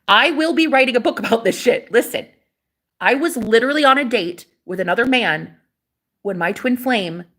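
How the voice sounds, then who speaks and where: She has a mid-range voice with a sharp edge. As a manifestation coach in a casual vlog, she swears freely, speaks emphatically, and wanders between points.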